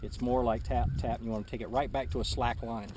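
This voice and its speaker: Man, casual fishing lesson, outdoors on a boat, camera mic, chatty and relaxed, audible water noise. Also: medium pitch, fast talker. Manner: relaxed, chatty, laughs often, talks while fishing. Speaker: fishing instructor. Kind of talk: casual how-to demonstration. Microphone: camera mic, he moves around it.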